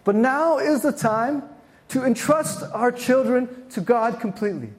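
A man leading a faith workshop for parents, telling a story with dramatic swells and quiet hushes. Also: very high-pitched, a little slow. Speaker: workshop speaker.

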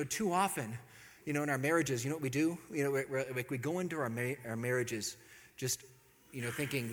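A man giving a sermon, telling stories in an animated way and acting out the voices of the people in them. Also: medium pitch, in a large hall. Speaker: preacher.

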